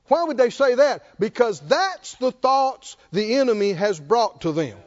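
A man's voice: very high voice, measured pace, few pauses, lo-fi sound. A man preaching a sermon, asking the congregation questions and chuckling often. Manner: animated call-and-response preaching, chuckling often. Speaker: pastor.

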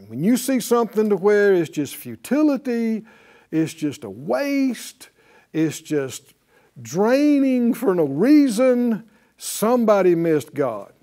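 Animated high-voiced male preacher. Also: slow. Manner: animated, asks the class questions, acts out quotes. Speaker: bible teacher. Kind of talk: preaching to a class.

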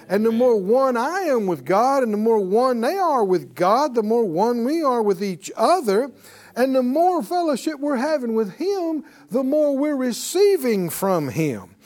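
A man's voice: very high-pitched, a little mellow. A man teaching a Bible class in a sermon style, acting out whining quotes with drama.

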